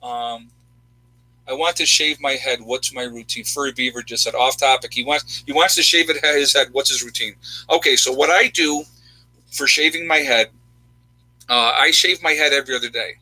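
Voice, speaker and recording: A man's voice: medium pitch, moderate pace, pushed and bright, dry recording, poor audio. A man hosting a livestream, answering chat questions in a rambling, self-interrupting, casual way.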